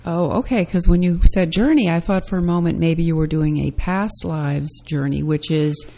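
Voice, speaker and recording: Casting: woman host, low dark gravelly voice, curious interviewer. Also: normal speed. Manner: curious, prompting follow-ups. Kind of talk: interview questions.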